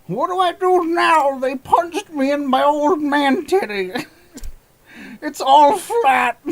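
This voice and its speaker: A man voicing a whiny, aggrieved old male street vendor in a high, slow whine. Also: expressive, full character voice, poor audio. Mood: whining.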